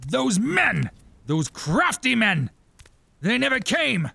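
An actor playing a paranoid, raging king in an audio drama, erratic and shouting. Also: very high voice, very animated, slow, creaky, slightly rough, heavily acted. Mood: manic.

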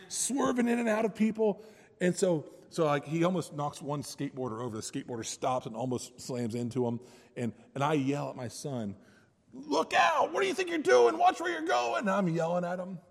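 A man preaching a sermon as a missionary, telling stories in an animated way. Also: mid-range voice. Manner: animated storytelling. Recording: echoey hall reverb.

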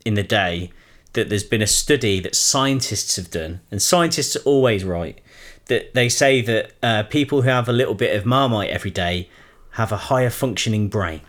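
A man with a slightly low voice co-hosts a relaxed podcast chat. He talks in an upbeat, teasing way, slipping in dry jokes. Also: normal speed. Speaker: podcast co-host. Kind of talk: casual chat.

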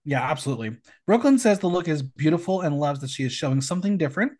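A man's voice: a little high, expressive, quick pace, a little mellow. A man hosting a podcast, recapping a show in casual chat and reading out judges' comments with emphatic, campy delivery. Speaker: podcast host.

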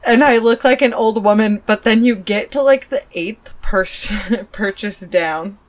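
A woman's voice: mid-range voice, unhurried. Chatty woman in her thirties. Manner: chatty, self-deprecating storyteller. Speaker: podcast co-host. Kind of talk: casual podcast chat.

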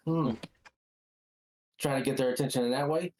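A man's voice: medium pitch, steady tone, moderate pace, darkish tone, poor audio. Man co-host, playfully argumentative. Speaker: podcast co-host. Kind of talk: casual chat.

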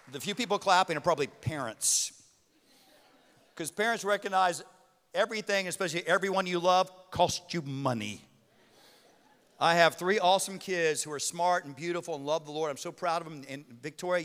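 A middle-aged man preaching a sermon as pastor, telling a story with animated outbursts. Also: a little high. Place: church auditorium. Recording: reverberant hall with music.

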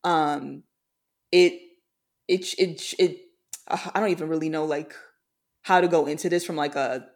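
Podcast co-host, medium pitch, halting and emotional, heavy on fillers. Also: fairly even intonation. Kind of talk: casual discussion of a TV series.

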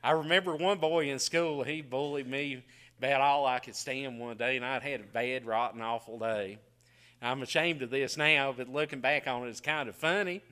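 A middle-aged man preaching a folksy sermon, telling homey stories with frequent chuckles and quiet asides. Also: medium pitch, normal speed, smooth.

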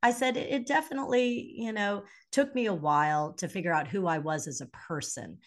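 A woman's voice: mid-range voice, brisk. A middle-aged woman, a leadership coach and podcast guest, telling personal stories candidly and acting out the voices in them. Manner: animated, acts out quoted dialogue. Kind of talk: candid conversational storytelling.

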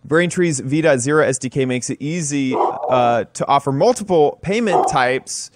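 A man's voice: fairly high pitch, lively intonation, moderate pace, noisy background. A man hosting a casual podcast, talking with many fillers and restarts and reading an ad for the show. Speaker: podcast host. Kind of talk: casual podcast chat with read ad.

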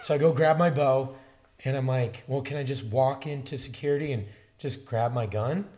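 Man, casual chat, animated storyteller, mid-pitched voice. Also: normal speed. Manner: animated storytelling, acts out dialogue.

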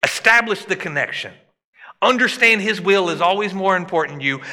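A man preaching with a high, very bright and forceful voice. He rises and drops for emphasis as he delivers the sermon, and a long reverb trails after him in the sanctuary. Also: fairly quick. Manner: animated preaching, voice rising and dropping for emphasis. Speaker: pastor.

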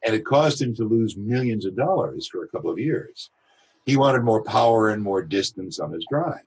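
A man's voice: lowish voice, lively intonation, a little hiss or hum. A man, a voice actor, talking through his craft in a podcast interview, reflective and full of examples. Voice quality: husky. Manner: reflective, explains with examples and quick imitations. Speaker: voice actor guest.

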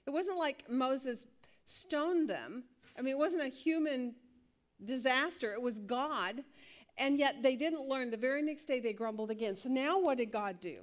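Woman Bible teacher, higher voice, lively and questioning, laughs readily. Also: a little slow. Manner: lively, laughs often, asks the class questions.

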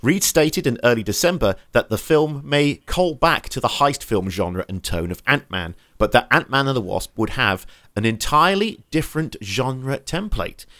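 Male podcast co-host, animated and laughing, reads notes then riffs casually, mid pitch. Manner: animated, laughs often, halting restarts. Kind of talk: casual film podcast chat, reading notes aloud.

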